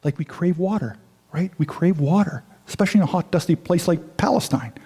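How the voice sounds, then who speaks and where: A high-pitched male pastor preaching a sermon. He retells the scene in quick, casual dialogue with asides to the congregation. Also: mellow, husky.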